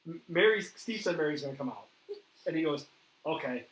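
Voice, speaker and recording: Animated male storyteller in echoey room. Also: fairly high pitch, brisk. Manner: animated storyteller, acts out quoted dialogue. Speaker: paranormal investigator host. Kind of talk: casual storytelling interview. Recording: echoey room with faint noise.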